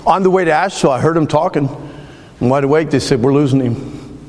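A middle-aged man preaching a sermon, telling a personal story in an earnest, emotional, halting way and ending in prayer. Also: on the high side. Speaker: pastor. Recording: long reverb of a large hall.

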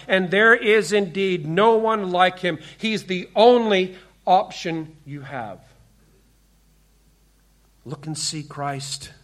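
A man preaching a sermon in earnest tones, often slowing and dropping quiet and low for emphasis. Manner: quotes scripture with slow, stressed delivery. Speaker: pastor.

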